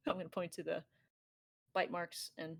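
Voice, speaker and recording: Woman, tabletop player, chatty, somewhat low voice. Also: gravelly, no echo. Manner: chatty, describes her character's actions in first person. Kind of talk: casual tabletop play.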